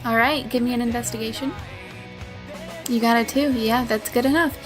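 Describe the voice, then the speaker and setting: A woman narrating a tabletop role-play game as game master, relaxed and casual, with fillers and laughs. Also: a little high, moderate pace, over music.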